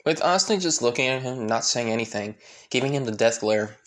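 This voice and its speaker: A man's voice: medium pitch, lively intonation, fairly quick, a bit bright. A man casually improvising a fan fiction story aloud, rambling along with lots of fillers, restarts and repeated stock phrases.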